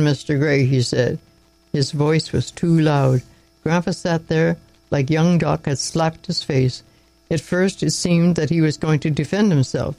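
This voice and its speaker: A man reading a story aloud in a steady voice, with occasional slips and restarts. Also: fairly high pitch, dry recording, low-quality recording. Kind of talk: storybook narration read aloud.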